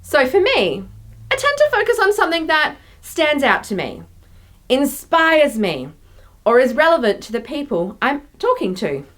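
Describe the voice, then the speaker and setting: Woman, young adult, high-pitched, youth pastor, conversational sermon, reflective. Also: huge pitch swings, moderate pace, fairly bright tone. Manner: conversational, reflective, with playful voiced asides.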